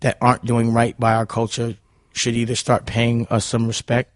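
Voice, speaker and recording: A Harlem, New York man speaks at a moderate pace in a monotone, mid-range voice, with no room sound. Being interviewed casually as a guest, he recounts stories with blunt heat, repeatedly adding "you know what I'm saying."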